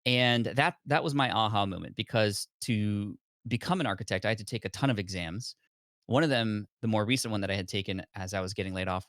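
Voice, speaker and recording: A man in his thirties, a podcast guest, telling his story in a lively way and acting out his past self. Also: on the low side, dry recording, studio quality. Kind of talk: storytelling in conversation.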